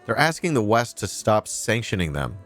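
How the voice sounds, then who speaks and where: A man's voice: fairly low pitch, sing-song, normal speed, a bit bright, faint music behind. Sarcastic man ranting on a livestream. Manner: sarcastic, ranting, swears freely. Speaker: livestream host reacting to news clips. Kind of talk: casual livestream commentary.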